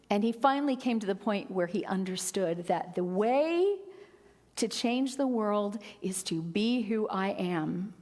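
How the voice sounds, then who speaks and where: A middle-aged woman minister giving a sermon, expressive, rising for quotes and dropping to a near whisper. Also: medium pitch. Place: church sanctuary. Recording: long hall reverb.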